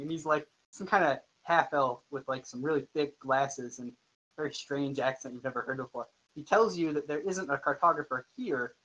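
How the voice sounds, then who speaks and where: A man's voice: a little high, a bit bright, poor audio. A man running a tabletop game as game master, narrating loosely with many fillers and restarts. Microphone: home microphone over an online call.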